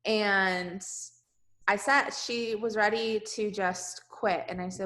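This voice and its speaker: A woman's voice: medium pitch, fairly even intonation, takes it slowly, bright, forceful tone. A woman leading her team in a direct, emphatic motivational talk on a video call, repeating lines for emphasis. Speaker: team leader.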